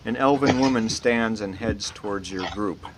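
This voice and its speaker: A man narrating a tabletop role-playing game as dungeon master, pausing often with uh and restarts. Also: lowish voice. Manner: hesitant, many uh fillers, laughs at odd names. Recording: noisy online voice chat.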